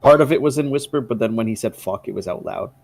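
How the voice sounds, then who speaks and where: A man playing a tabletop role-playing game, joking around and describing his character's actions in a playful, expressive way. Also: mid-range voice, fast, creaky, no echo. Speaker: player. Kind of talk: tabletop role-play chat.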